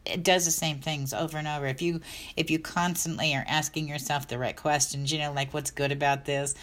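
Middle-aged lady vlogging, low-ish voice, chatty and upbeat, rambles a bit. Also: fairly even intonation, a little fast, a bit bright. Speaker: dog health coach. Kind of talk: casual vlog talk.

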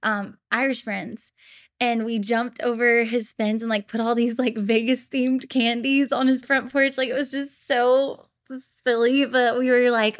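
A woman's voice: fairly high pitch, flat delivery, normal speed. A woman in her twenties telling stories in a casual podcast chat, chatty and giggly, with lots of fillers. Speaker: podcast host.

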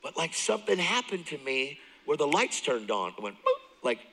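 Male guest preacher with a bright, forceful voice, animated testimony with loud bursts and hushed asides. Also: on the high side, normal speed, breathy edge, in a large hall, poor audio. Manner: animated storytelling, jumps between loud and hushed; laughs often, talks straight to the crowd. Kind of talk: sermon, personal testimony. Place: church service.

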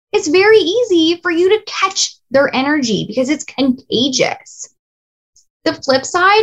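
A woman in her thirties coaching small business owners in a casual, lively way, blunt and swearing now and then. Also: very high-pitched, lo-fi sound.

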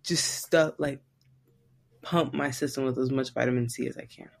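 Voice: medium pitch, fairly even intonation, moderate pace, gravelly. A podcast co-host in casual chat, emphatic and complaining, swearing casually.

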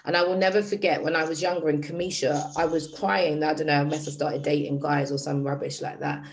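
A woman's voice: sits low, flat delivery, fairly quick, few pauses, poor audio. A woman hosting a group session, speaking candidly and addressing the group directly in casual talk. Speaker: workshop host.

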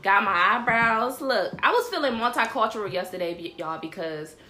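A woman hosting a casual livestream show, chatting in an animated way and calling her audience y'all. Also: medium pitch, normal speed. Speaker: show host. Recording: roomy echo.

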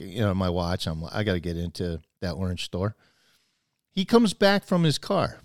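A man's voice: medium pitch, no room sound, studio quality. A man telling a long personal story in casual chat, rambling, restarting his sentences, and acting out both sides of the conversation.

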